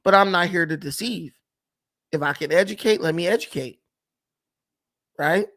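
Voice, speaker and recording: A man's voice: high-pitched, normal speed, fairly bright tone. A man hosting a casual livestream, arguing points and answering his chat directly. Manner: argumentative, addresses chat directly. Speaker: livestream host.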